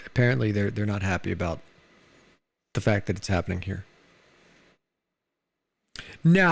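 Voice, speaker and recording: An American man chatting casually on a live stream, loose and rambling, full of "dude" and "like". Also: on the low side.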